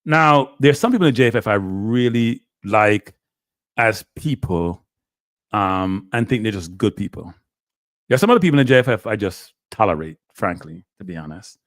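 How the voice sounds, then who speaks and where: A man hosting a casual football talk show, asking animated rhetorical questions and talking with Jamaican-tinged phrasing. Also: on the low side, no room sound, studio quality. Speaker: show host.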